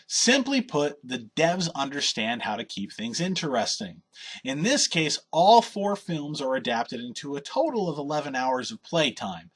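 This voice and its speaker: Man, game review voice-over, husky tone, lively animated delivery, sardonic. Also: mid-range voice. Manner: opinionated, wry and sardonic. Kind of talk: scripted review narration.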